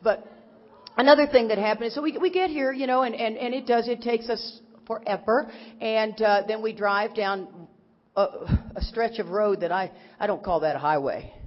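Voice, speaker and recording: A woman's voice: on the high side, moderate pace. A middle-aged woman from Texas, a speaker at a recovery convention, telling a humorous, rambling personal story and acting out what others said. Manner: animated, rambling, acts out quotes of others. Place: large convention hall. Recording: echoey hall, dull lo-fi sound.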